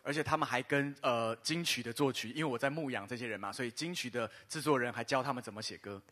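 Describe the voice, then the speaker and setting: A man, a pastor telling a personal story in a sermon, pausing in short bursts for an interpreter. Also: medium pitch. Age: 50s. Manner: lively storytelling pauses for an interpreter. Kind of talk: sermon testimony.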